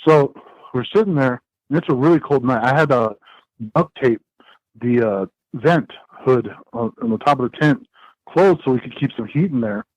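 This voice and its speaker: A man, a podcast guest, telling a story in a casual, animated way, full of fillers and restarts. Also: medium pitch, moderate pace, dry recording, muffled recording.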